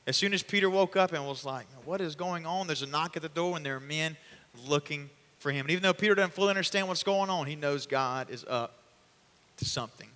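Male preacher, animated storyteller, bright forceful tone, hall reverb. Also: on the high side, fairly quick. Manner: animated storytelling, acting out voices. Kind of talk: sermon.

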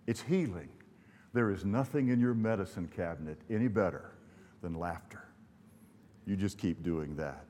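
A man's voice: lowish voice, a little mellow, a little hiss or hum. Older preacher man in a reverberant church. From Louisiana. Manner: folksy storytelling with humor. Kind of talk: sermon. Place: church sanctuary. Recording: long hall reverb.

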